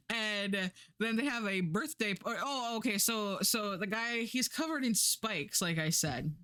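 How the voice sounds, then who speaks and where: A woman streamer in loose, casual chat, cursing freely and leaning on "like" as she rambles. She drops into quick impressions of the characters she quotes. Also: mid-range voice, sharp tone, clear, resonant tone. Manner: rambling, profane, fillers like "like".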